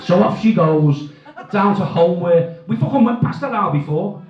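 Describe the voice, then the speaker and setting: A middle-aged stand-up comedian delivers a crude, self-mocking set packed with swearing. His voice is high and animated at a moderate pace, and the live sound is echoey, distant, and dull.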